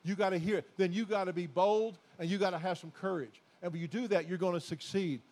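Man, pastor, sermon, high-pitched voice, folksy, repetitive exhortation. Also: fairly even intonation, quick pace. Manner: exhorting, repetitive, builds to loud emphatic declarations; folksy, addresses the congregation as folks.

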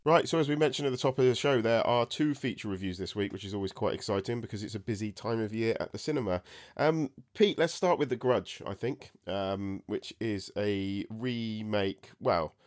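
Low-voiced, easygoing male podcast co-host. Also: normal speed. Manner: casual, self-deprecating, hesitant with fillers. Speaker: film review podcast co-host. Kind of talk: casual podcast chat.

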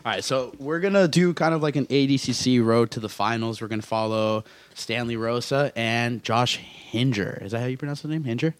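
A man co-hosting a podcast, relaxed and wry, introducing the next segment. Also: medium pitch, a little fast. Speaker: podcast co-host. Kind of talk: casual podcast chat.

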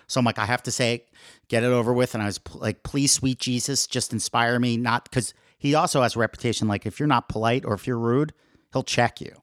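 A man's voice: mid-range voice, fairly even intonation, a little fast, fairly bright tone, dry recording, studio quality. A man telling a comic story on a podcast in casual chat, acting out the quotes and laughing as he goes.

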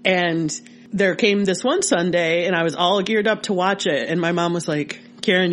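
Animated woman telling a childhood story. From Michigan. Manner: animated, rises in pitch when excited. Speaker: podcast co-host. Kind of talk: casual storytelling chat.

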